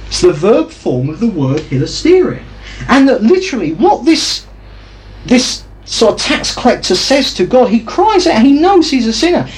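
A man teaching from the pulpit. His voice rises and falls a great deal as he explains and checks that the room is following. Soft room sound hangs faintly behind him. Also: very high voice, a little hiss or hum, rough recording. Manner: teaching, asks the audience questions. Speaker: preacher. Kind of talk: sermon.

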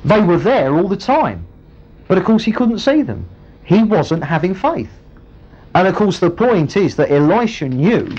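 Male preacher, lively higher voice, dull lo-fi sermon recording. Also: a little slow, husky. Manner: storytelling, animated, acts out the characters. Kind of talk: sermon retelling a Bible story. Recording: muffled lo-fi recording.

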